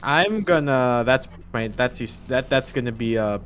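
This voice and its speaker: A man playing a tabletop game, talking in a hesitant, stumbling and excitable way. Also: mid-range voice, measured pace, faint music behind. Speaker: player.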